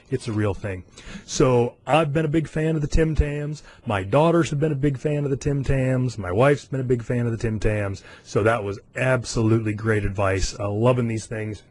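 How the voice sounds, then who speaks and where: A man in his forties from the United States hosts his podcast alone, chatting casually and amusing himself. His voice sits in an ordinary middle range, and he loosens up with frequent fillers and quick chuckles. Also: medium pitch, a little mellow, slight background noise. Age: 40s. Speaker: podcast host. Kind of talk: casual solo podcast chat.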